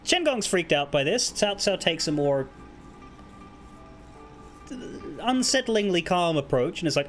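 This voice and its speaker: Higher-voiced man, lively casual storyteller, faint music under him. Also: measured pace, pauses often. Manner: animated, profane, conversational. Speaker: streamer.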